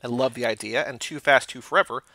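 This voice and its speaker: A man's voice: medium pitch, sharp tone, no room sound. A man co-hosting a casual podcast, reading listener emails aloud and stopping to react. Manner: reads emails aloud in chunks, pausing for reactions. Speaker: podcast co-host.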